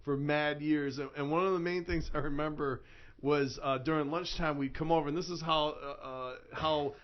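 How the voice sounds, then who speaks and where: A man's voice: on the high side, fairly even intonation, normal speed. A man telling old stories with friends in a casual, profane, laughing way. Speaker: radio show host. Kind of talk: casual storytelling among friends. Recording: dull lo-fi radio recording.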